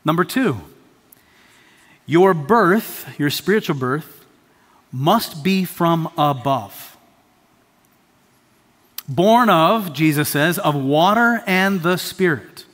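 A man's voice: a little high, animated, takes it slowly, pauses often, fairly bright tone, long reverb tail. A man preaching a sermon as pastor, emphatic and repeating his key phrases. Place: church sanctuary.

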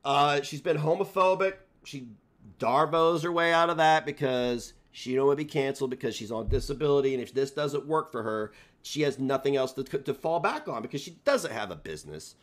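A man's voice: medium pitch, lively intonation, brisk. A man hosting a casual livestream, ranting and mocking others with a sarcastic, insulting manner. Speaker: streamer host.

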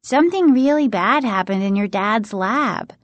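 A woman's voice: mid-range voice, expressive, normal speed, no echo, dull audio, voice pushed up, lightly acted. A woman voicing a blunt, gossipy preteen girl friend in an audiobook reading. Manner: blunt, confiding.

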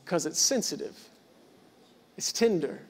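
A man in his thirties preaches with a notably high voice, hammering home repeated lines and rising from hushed to loud. The sound rings with the long reverb of a big hall. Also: animated, unhurried, slightly rough. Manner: emphatic repetition, swings from quiet to loud. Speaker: pastor. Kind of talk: sermon. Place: church hall.

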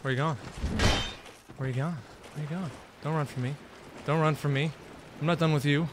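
Excitable, trash-talking young gamer. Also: male voice, a little high, fairly quick, pauses often. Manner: excitable, sarcastic trash talk at enemies, swearing. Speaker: gaming video host. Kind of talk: let's play commentary. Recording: noisy background.

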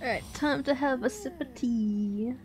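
Woman game streamer, slightly high voice, slow rambling chatter, laughs a lot. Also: expressive, darkish tone, a little hiss or hum. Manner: giggly, rambling storytelling with frequent laughs. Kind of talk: casual gameplay chat.

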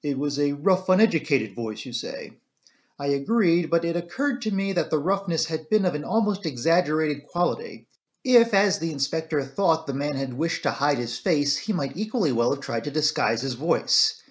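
A man giving calm, even first-person narration of a classic mystery audiobook. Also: a little high, normal speed.

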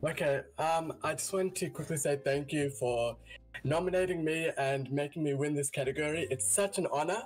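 A man's voice: a little high, moderate pace, faint music behind, low-quality recording. A man with an Australian accent giving a polite, earnest acceptance speech. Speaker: award winner, stream viewer. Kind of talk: acceptance speech over a call.

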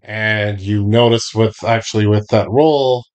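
A man acting as game master, narrating a tabletop game unhurriedly and pausing to check his notes. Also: fairly low pitch, fairly even intonation, a little mellow. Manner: unhurried, describes scenes with pauses to check notes.

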